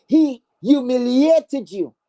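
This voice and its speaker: A woman online streamer with a high, lively-intoned, mellow voice delivers a slow, angry, profane callout rant. She's confrontational and scornful, repeating herself often with stammering restarts.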